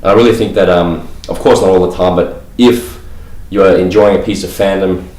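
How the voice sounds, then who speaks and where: Rambling low-voiced man in an echoey room. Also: fairly even intonation, brisk, a little mellow. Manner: rambling, heavy fillers like "you know" and "like". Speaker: vlogger. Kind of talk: casual talk to camera. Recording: echoey room, voice a bit far from mic.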